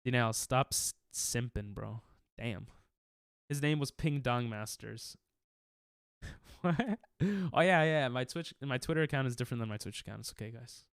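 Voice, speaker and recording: A man's voice: mid-range voice, moderate pace, gravelly, clean tone, no room sound, studio quality. A male streamer in casual chat with his viewers, defensive and laughing, rambling with restarts.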